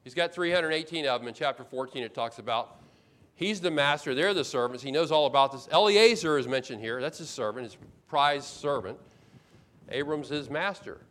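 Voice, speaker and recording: A man's voice: on the high side, normal speed, fairly bright tone. A man preaching a sermon as pastor, explaining scripture with emphatic repetition and acting out complaints in first person.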